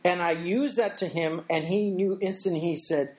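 A man's voice: sits high, fairly even intonation, noisy background. Reflective middle-aged man telling his story. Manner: thoughtful, halting restarts, acts out quoted voices. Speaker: interview guest.

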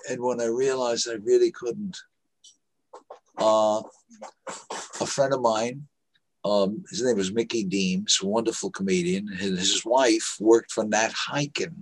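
In a storytelling interview, an older veteran actor appears as a guest, his fairly low voice holding a steady tone. He moves slowly from anecdote to anecdote, chuckling and acting out the voices of the people he quotes.

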